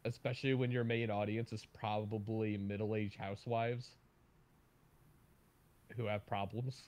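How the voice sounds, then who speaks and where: A man chatting casually on a livestream, telling stories with loud bursts of emphasis and laughter. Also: on the low side, little pitch movement, unhurried, a little hiss or hum.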